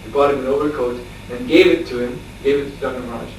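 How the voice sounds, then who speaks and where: Male spiritual teacher, lively storyteller, captured from a distance in a very echoey room with faint noise behind. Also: mid-range voice, rapid-fire. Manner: animated storyteller, laughing, acting out shouts. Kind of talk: storytelling lecture.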